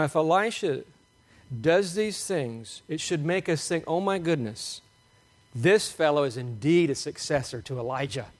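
A man preaching a sermon, animated and emphatic, asking the congregation rhetorical questions. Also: a little high. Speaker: pastor.

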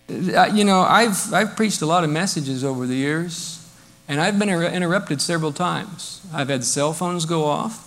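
A male pastor delivers an animated sermon to his congregation, his voice sitting notably high. He swings between emphatic declarations and quieter asides, sometimes slipping into a sarcastic mock voice. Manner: animated preaching, mock voices of modern critics. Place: church.

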